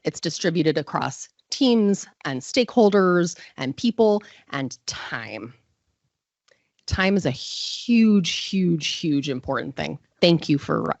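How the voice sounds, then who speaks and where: A woman's voice: low-pitched, no room sound, muffled recording. A woman giving a live conference talk, chatty and self-deprecating, full of fillers. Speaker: conference presenter.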